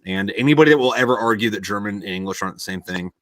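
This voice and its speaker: A man's voice: fairly low pitch, very fast, a bit bright, no echo. A man in casual podcast chat, rambling and swearing a lot, with many fillers. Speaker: podcast host.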